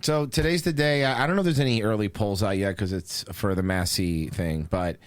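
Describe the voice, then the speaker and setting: A man's voice: lowish voice, fairly quick, smooth. A man co-hosting a podcast, ranting in crude, profane political banter. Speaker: podcast co-host.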